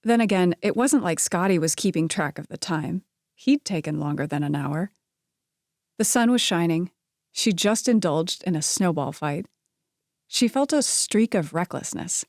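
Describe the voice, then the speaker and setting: A woman reading a romance novel aloud, narrating in a steady, measured way. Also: lowish voice, dry recording, clean studio sound. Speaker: audiobook narrator.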